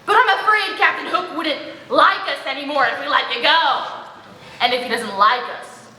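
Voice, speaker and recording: Bumbling pirate sidekick, all chuckles and "well now", a woman acting it, squeaky bright voice, roomy hall sound. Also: moderate pace, distant mic. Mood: wheedling. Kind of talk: stage play acting. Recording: echoey hall recorded from the audience.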